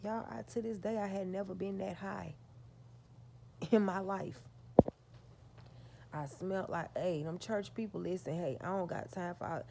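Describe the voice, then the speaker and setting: A woman's voice: mid-range voice, normal speed, vocal fry, pauses often, background noise. A woman vlogger telling a story straight to her viewers, profane and emphatic.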